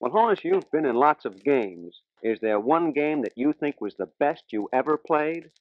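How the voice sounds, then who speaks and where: A man's voice: a little high, lively intonation, moderate pace, dry recording. A man hosting a 1940s radio sports interview, asking brief, polite questions. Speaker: interview host. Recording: dull dry 1940s radio transcription.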